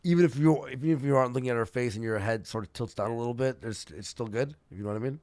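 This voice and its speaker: A man's voice: medium pitch, very fast, darkish tone, no room sound. A young man hosting a casual livestream, telling rambling gossip stories with lots of swearing and laughter. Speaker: streamer host.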